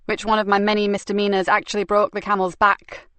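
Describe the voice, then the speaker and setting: A woman's voice: mid-range voice, monotone, fast, a bit bright, clear, resonant tone, no room sound, natural voice. A woman voicing a tough, sardonic woman detective inspector in an audiobook. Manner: sardonic, defiant.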